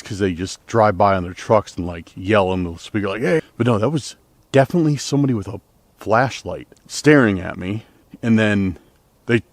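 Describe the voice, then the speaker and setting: A man with a fairly low voice talks to his camera outdoors on a night trail, rambling and uneasy, leaning on filler words. The sound is dry and close, with almost no room around it. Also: dry recording. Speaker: outdoor vlogger exploring trails. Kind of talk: casual vlogging to camera.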